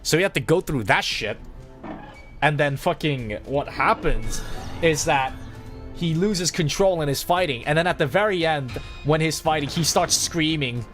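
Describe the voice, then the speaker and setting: A man streaming a game, talking in a rambling, excitable way and swearing freely as he chats. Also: on the high side, moderate pace, faint music behind. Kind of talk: casual gaming livestream chat.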